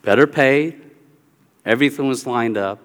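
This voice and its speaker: Man preaching in a reverberant hall. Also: moderate pace. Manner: storytelling, animated with swings of pitch and volume. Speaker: pastor. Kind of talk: sermon with personal story. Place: church sanctuary. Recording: hall reverb with soft guitar music.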